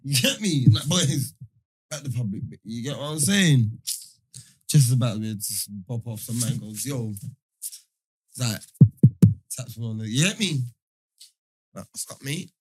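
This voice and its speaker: A young man tells a story in a relaxed chat, packing his talk with slang fillers. His voice is a little husky. His pitch swings widely as he gets into it. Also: a little slow, long pauses, faint music behind. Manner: animated, laughing, full of London slang fillers.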